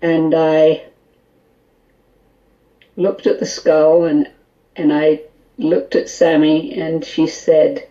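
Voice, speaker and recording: A woman guest on a call-in radio show, telling an animated story full of quoted dialogue and small laughs. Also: low voice, takes it slowly, long pauses, muffled recording. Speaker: guest, skull interpreter.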